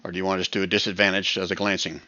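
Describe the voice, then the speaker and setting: A man's voice: deep voice, flat delivery, rapid-fire, sharp tone, no room sound, highs cut off. A man running a tabletop game as game master over voice chat, easygoing and laughing often.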